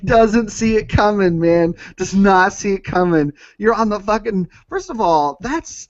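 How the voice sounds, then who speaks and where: A man's voice: fairly high pitch, no room sound. Profane laughing man on a lo-fi podcast. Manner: profane, laughing, reads news aloud with jokes. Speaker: podcast co-host. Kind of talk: casual comedic chat. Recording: dull, dry lo-fi sound.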